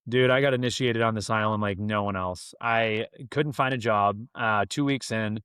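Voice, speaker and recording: A young man telling a story in a casual, animated way, full of slang like "man" and "dude". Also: fairly low pitch, moderate pace, clear, resonant tone, no room sound, clean studio sound. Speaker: guest.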